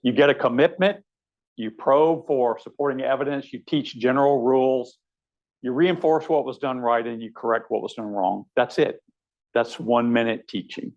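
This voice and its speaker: A man's voice: mid-range voice, steady tone, normal speed, lo-fi sound. A man, a surgeon, giving a conversational teaching lecture, wry and anecdotal with frequent fillers. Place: lecture hall.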